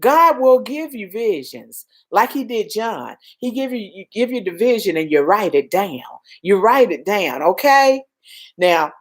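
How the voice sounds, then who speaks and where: A Southern woman from the United States hosts a casual livestream, greeting viewers by name and urging them on in a folksy, preachy way. Her medium-pitched voice keeps a moderate pace. She's animated, swinging between loud urging and soft murmurs.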